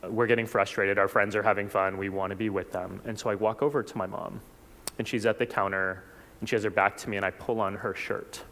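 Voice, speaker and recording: A man from South Texas giving a reflective personal talk at a church forum, unhurried, with small restarts. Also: on the low side, fairly even intonation, fairly bright tone. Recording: long hall reverb.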